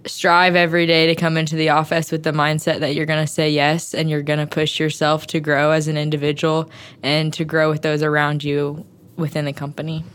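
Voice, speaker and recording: A young woman intern answers interview questions in an earnest, encouraging way. Her voice is low and smooth. She leans on "like" as a filler while she talks. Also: monotone, a little fast.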